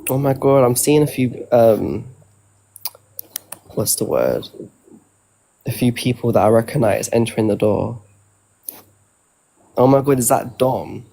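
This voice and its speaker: Man for loose group-chat banter, gravelly texture, teasing, slangy hype talk. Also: mid-range voice, lively intonation, dark tone. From outside the US. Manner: chatty, teasing, fast slang. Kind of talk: casual live-stream banter.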